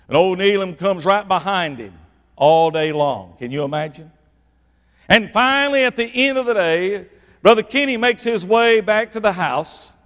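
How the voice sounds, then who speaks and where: High-voiced preacher in a reverberant hall. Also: male voice, moderate pace. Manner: animated, swings from loud to hushed for emphasis. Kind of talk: sermon.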